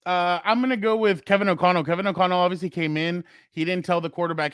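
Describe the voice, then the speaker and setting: A man's voice: on the high side, steady tone, fast talker, hardly any pauses, fairly bright tone, clean tone, no room sound, clean studio sound. A man co-hosting a podcast who rambles through stories and opinions on football, with fillers and asides. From San Diego area. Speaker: podcast co-host. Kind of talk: casual sports chat.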